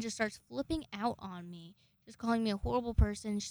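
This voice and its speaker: A woman's voice: a little high, brisk, darkish tone, dry recording. A young woman in her twenties, telling a story in a casual vlog, chatty, swearing a lot and restarting her sentences.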